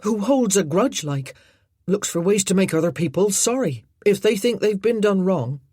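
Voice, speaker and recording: A blunt young country lad, loyal and stubborn, with plain rough grammar and a lively, rising voice, played by a woman reading aloud. The sound is husky and close. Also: mid-range voice, moderate pace, no echo, pitched above the performer's own voice. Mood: explaining.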